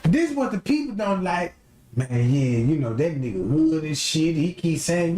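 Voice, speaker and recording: A man's voice: on the high side, unhurried, echoey room. A young man, ranting on a casual livestream and slipping into mocking impressions. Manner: animated, slips into mocking impressions. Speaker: livestream host.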